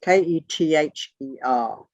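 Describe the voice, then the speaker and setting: Teaching online through a video call, a medium-pitched teacher stops to spell out every term letter by letter. The teacher is blunt and at times profane. The sound is lo-fi, muffled, close, and dry, with no echo.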